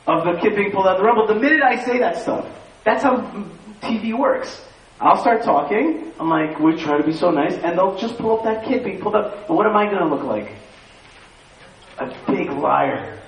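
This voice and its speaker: Animated man speaking in an echoey hall. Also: high-pitched. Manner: animated, repeats phrases, laughs, asks the audience questions. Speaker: speaker addressing an audience. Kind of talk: lively storytelling talk. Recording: echoey room, far from the mic, faint hiss.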